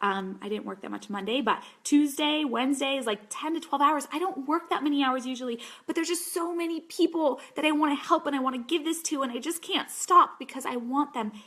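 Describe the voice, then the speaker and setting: A woman in her thirties shares a personal story on a group coaching call. Her voice sits a little high. She talks in a chatty, heartfelt way that moves between bubbly and soft. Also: brisk, few pauses. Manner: chatty and emotional, shifting from bubbly to soft and earnest.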